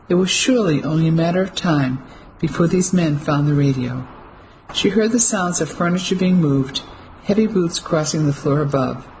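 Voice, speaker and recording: An audiobook narrator reading a novel in a measured, steady way. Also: mid-range voice, slight background noise, low-quality recording. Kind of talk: scripted narration.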